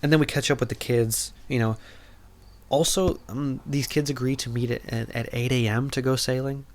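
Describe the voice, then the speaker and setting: A man's voice: medium pitch, steady tone, normal speed, slight background noise. A man hosting a podcast, recapping a movie in a casual, rambling, jokey way, full of "like" and "you know". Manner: jokey and irreverent. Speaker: podcast host.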